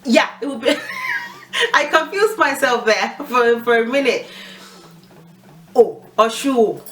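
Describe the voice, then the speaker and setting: A woman's voice: a little high, moderate pace, pushed and bright. A woman giving a casual spoken language lesson, explaining informally and laughing at her own slips. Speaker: language teacher.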